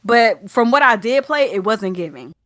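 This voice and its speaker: A woman's voice: fairly high pitch, animated, moderate pace, fairly bright tone, no echo, studio quality. A young woman with a Southern US accent, co-hosting a gaming podcast in casual, rambling chat full of fillers and restarts. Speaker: podcast co-host.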